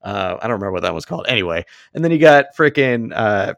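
A man's voice: on the low side, sing-song, fast talker, creaky, dry recording, clean studio sound. A man co-hosting a podcast in casual, jokey chat, laughing often. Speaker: podcast co-host.

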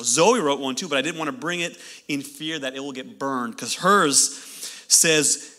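A man in his thirties, a pastor preaching a sermon in an animated way, with joking asides to his congregation. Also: a little high, a little fast.

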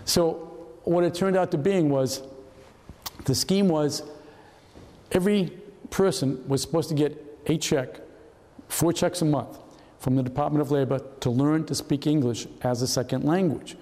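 A man in his seventies, a retired FBI agent, is the guest speaker at a historical society event, and his slightly high voice rings through the hall. He tells anecdotes at an unhurried pace, a lively storyteller who acts out the voices of the people in his stories.

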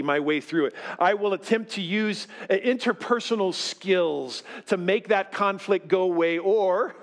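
A fifty-year-old pastor delivers a sermon before a live congregation in his church sanctuary, rambling loosely with lots of fillers and jokes at his own expense. He speaks in a high voice, a little slowly, with hardly any pauses.

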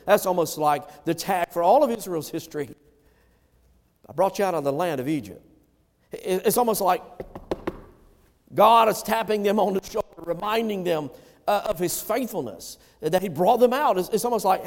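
High-voiced preacher man with swinging delivery. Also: expressive, normal speed, big-room sound. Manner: emphatic preaching that swings between loud calls and low hushed lines. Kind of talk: sermon.

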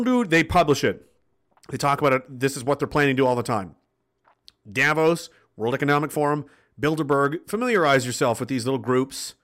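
Hosting a livestream, a man with a mid-range, slightly bright voice reads out chat comments. He uses them to fuel a blunt, profane, passionate political rant aimed at his viewers.

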